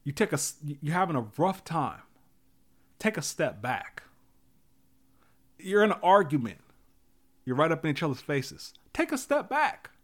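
Lively, emphatic man giving a pep talk. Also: fairly high pitch, measured pace, pauses often. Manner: repetitive, emphatic, many fillers. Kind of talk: casual motivational talk.

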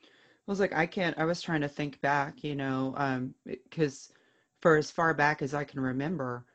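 A woman's voice: deep voice, fairly even intonation, normal speed, highs cut off. A woman co-hosting a casual chat, reacting and reflecting in a laid-back way.

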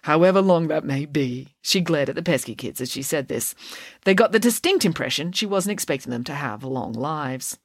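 Lively woman storyteller. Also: low voice, normal speed, husky, dry recording, studio quality. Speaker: narrator. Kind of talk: audiobook narration.

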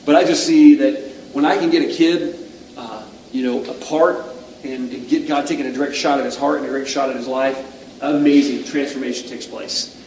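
A man's voice: mid-range voice, fairly even intonation, brisk, darkish tone, a little hiss or hum. A middle-aged male pastor preaching a sermon in a conversational, self-deprecating way, asking the audience questions. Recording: echoey room, distant mic.

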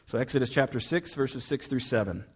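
A pastor preaches in church, telling stories in a relaxed way and using lots of fillers. His mid-range voice moves fairly quickly and has a breathy edge.

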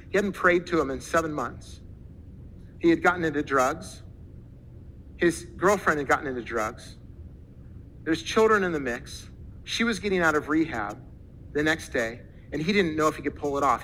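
A man preaching as a pastor, telling a story and acting out the people in it with lively quoted voices. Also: high-pitched, slight background noise, low-quality recording. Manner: animated, acts out quoted voices. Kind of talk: sermon storytelling.

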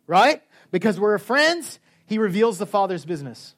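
A man preaching a sermon, animated, swinging from quiet, intimate lines to loud shouts. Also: high voice, normal speed, hardly any pauses.

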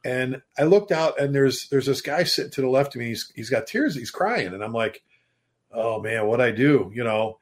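Animated and a little fast, with hardly any pauses, a medium-pitched middle-aged man tells stories emphatically. He's a fire chief and author appearing as a guest in a casual podcast chat, swearing mildly from time to time.

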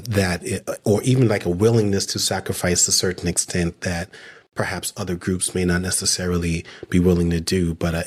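A man co-hosting a podcast interview, talking casually with many restarts and a teasing streak. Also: low voice. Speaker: podcast co-host.

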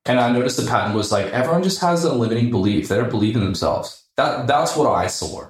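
A man with an Australian accent, a podcast guest telling a story casually, animated and swearing freely. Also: medium pitch, fast talker, reverberant.

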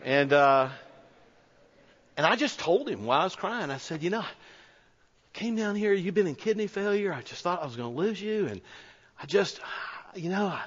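A man's voice: sits high, expressive, normal speed, long pauses, a bit bright. Male pastor, conversational sermon storyteller, earnest, echoey hall. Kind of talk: sermon told as a personal story. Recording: echoey hall, dull lo-fi sound.

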